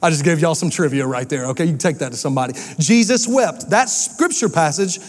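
A man, a pastor delivering an animated, emphatic sermon with quick asides. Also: fairly high pitch, long reverb tail. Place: church sanctuary.

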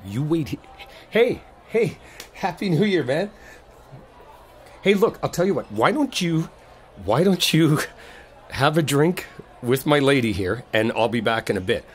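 A man's voice: fairly high pitch, very animated, unhurried, pauses often, a little hiss or hum. A man voicing a protective boyfriend in a role-play audio, often swearing. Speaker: ASMR audio performer playing a protective boyfriend.

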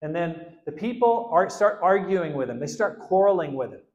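A man preaching a sermon as pastor, animated, swinging between loud outbursts and quiet asides and acting out the quotes. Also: high voice, normal speed, reverberant, highs cut off. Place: church hall.

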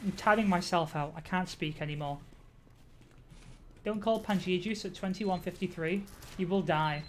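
A woman live-streaming a game, chatting casually with her viewers, reacting out loud, swearing and laughing often. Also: on the low side, moderate pace, slight background noise. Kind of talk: casual gaming commentary.

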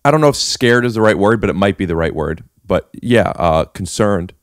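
A man's voice: fairly low pitch, lively intonation, fairly quick, no echo, studio quality. A man hosting a podcast in casual chat, teasing and joking with his guest. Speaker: podcast host.

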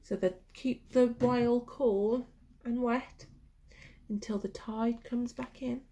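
A woman reads a picture book aloud to young children, her voice high and her pace slow and unhurried. She speaks in a gentle, sing-song way, pausing to ask questions and sometimes dropping to a whisper. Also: steady tone. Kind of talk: children's storybook reading with questions to the listener.

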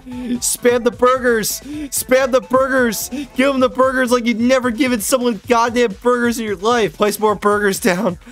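A young man giving loud, excitable gameplay commentary, swearing and yelling at the game as he plays. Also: very high voice, moderate pace, faint music behind. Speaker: gaming YouTuber.

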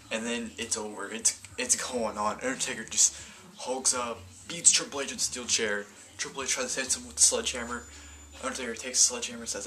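A man's voice: medium pitch, sharp tone. A man casually reviewing a wrestling event in a video, rambling and often correcting himself mid-sentence. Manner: rambling, stumbling, self-correcting.

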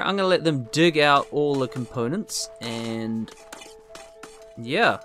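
A man hosts a let's play, talking to himself as he plays and poking fun at his own mistakes. His pitch jumps around a lot, set at an average level for a man. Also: lively intonation, unhurried, a bit bright, faint music behind. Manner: rambling, self-deprecating, talks to himself. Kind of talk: casual gameplay commentary.

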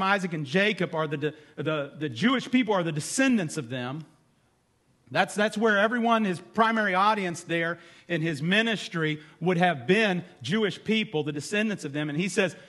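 A man preaching a sermon in church, conversational and candid, his voice dropping low and quiet on key words. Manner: candid asides with fillers. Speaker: pastor.

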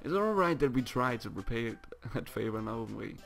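A man's voice: mid-range voice, sing-song, fast, vocal fry, fairly bright tone, soft background music. A man voicing a sly skunk Pokemon villain who speaks with fake politeness in a video game. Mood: smarmy. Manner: smarmy, falsely polite.

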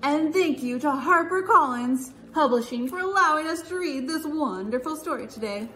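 A woman's voice: high-pitched, lively intonation, normal speed, bright, forceful tone, faint music behind. A woman hosting a children's library storytime, talking in a cheerful, sing-song way to kids from a library. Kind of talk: virtual storytime reading.

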